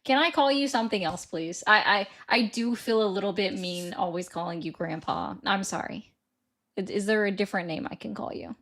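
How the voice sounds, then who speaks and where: A woman's voice: medium pitch, fairly quick, fairly bright tone. Chatty, apologetic woman co-host. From northern United States. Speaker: livestream co-host. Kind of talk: casual live chat.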